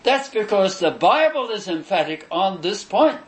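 A male preacher delivering a sermon with a high, very lively voice that swoops up and down. He is emphatic and declamatory, hammering phrases through repetition and measured pauses. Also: low-quality recording. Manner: emphatic, says so himself, repeats phrases for stress.

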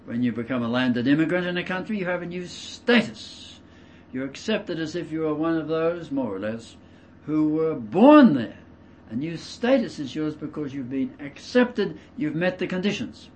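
Animated, emphatic male preacher. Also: fairly high pitch, moderate pace, slight background noise. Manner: emphatic, swings between loud stresses and quiet asides; explains verses with everyday examples. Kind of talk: expository sermon.

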